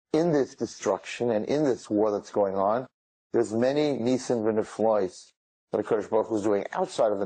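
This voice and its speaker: Give me a man with a warm, husky voice, telling stories in a casual, animated way. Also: lowish voice, low-quality recording. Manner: animated, with frequent restarts and Hebrew words. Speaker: storyteller. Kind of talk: casual spoken storytelling.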